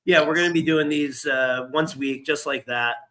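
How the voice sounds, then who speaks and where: A man's voice: on the high side, moderate pace, pushed and bright. A man hosting a sports podcast, chatting casually and rambling with restarts and laughs. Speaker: podcast host.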